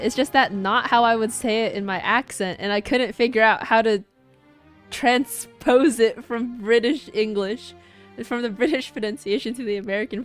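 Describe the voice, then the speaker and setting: Sarcastic young woman streamer. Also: fairly high pitch. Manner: sarcastic, swearing, quick asides. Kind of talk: casual game commentary.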